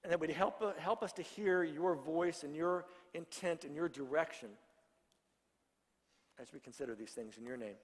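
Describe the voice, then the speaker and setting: A man's voice: fairly high pitch, moderate pace, slightly rough, long reverb tail. A middle-aged male pastor giving a conversational sermon, joking with his congregation. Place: church sanctuary.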